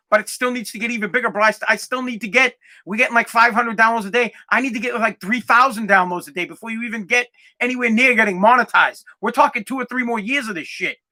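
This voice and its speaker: A man's voice: very high-pitched, sharp tone. A man in his forties hosting a solo podcast, talking in an emphatic, profane, fired-up way. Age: 40s. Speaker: podcast host.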